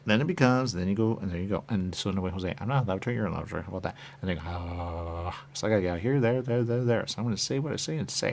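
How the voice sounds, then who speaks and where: Rambling man with a gravelly voice. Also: low-pitched, a little hiss or hum. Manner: repetitive, playful, muttering asides, wide swings in loudness. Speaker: radio show host. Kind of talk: rambling stream-of-consciousness monologue.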